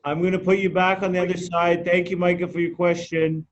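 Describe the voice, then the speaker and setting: A man's voice: high-pitched, flat delivery, brisk. Man, podcast host, encouraging, casual, dull audio, faint noise. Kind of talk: casual chat.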